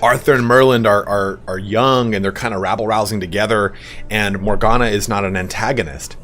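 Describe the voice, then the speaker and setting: Young man, gameplay streamer, rambling casual talk, lowish voice, soft music behind. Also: fairly even intonation, fairly quick. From Southern California. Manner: rambling, chatty, swears freely.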